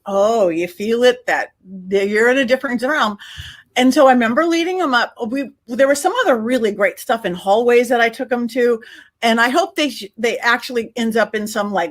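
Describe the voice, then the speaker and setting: A woman guest on a podcast, telling a story in a lively, casual way and acting out her own quotes. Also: on the high side. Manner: animated, acts out her own quotes, many restarts. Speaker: podcast guest, psychic medium.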